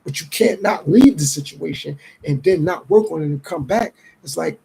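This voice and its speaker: Husky high-voiced man musing on a podcast. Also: warm tone, rough recording. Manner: reflective, streetwise, acts out others' lines in quick voices. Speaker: podcast host. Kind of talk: casual podcast monologue.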